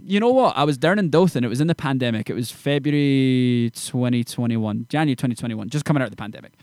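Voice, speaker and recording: A young songwriter guest tells stories in a fast, animated way, chatting casually and using lots of slang. His voice is medium-pitched with no echo.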